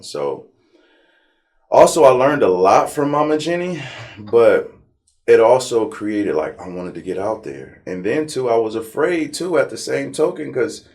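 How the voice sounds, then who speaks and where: A man from Southern California, an interview guest, telling his life story with feeling, swearing freely and acting out what others said. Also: medium pitch. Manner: animated, profane, acts out quoted people.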